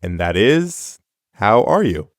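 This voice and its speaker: A man with a somewhat low voice explains phrases step by step. His delivery is scripted, clear and encouraging. The sound is dry and close. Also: big pitch swings, slow pace, no room sound. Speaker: co-host of audio lessons. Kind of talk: scripted lesson narration.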